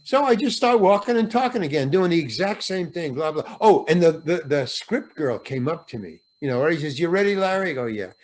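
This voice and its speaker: Appearing on a podcast, an older actor spins a lively anecdote, impersonating the people he quotes and cursing without restraint. He speaks at a fairly high pitch, a little fast and with hardly any pauses.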